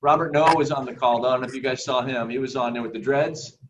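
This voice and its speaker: A man telling family stories in a lively, laughing way during a video call. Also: medium pitch, fast talker. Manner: lively storyteller, laughs often. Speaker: family member sharing memories. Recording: muffled, distant, noisy call audio.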